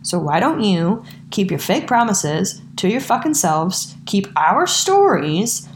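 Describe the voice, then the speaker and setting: A woman's voice: mid-range voice, sing-song, slow, roomy sound, a little hiss or hum. A woman hosting a true crime podcast, talking bluntly and with a lot of profanity. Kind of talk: angry rant then casual sign-off.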